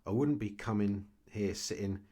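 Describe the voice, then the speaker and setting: A man's voice: on the low side, moderate pace, warm tone, husky. A man ranting casually to camera about his investments, blunt and repetitive, often tagging his points with "okay". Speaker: crypto vlogger.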